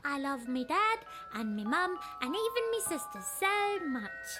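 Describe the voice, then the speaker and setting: A woman's voice: sits high, big pitch swings, unhurried, over music. A woman voicing a tiny, poor, earnest goblin boy with a rustic way of talking in a video game. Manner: coughing, earnest, rustic "me dad and me mum".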